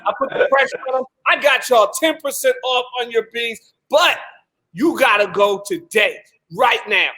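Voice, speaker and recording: A man hosting a casual live stream, talking high and hyped. He jokes around and pushes the deal like a salesman. His banter stays playful all the way through. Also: normal speed, background noise. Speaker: show host. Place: Seattle.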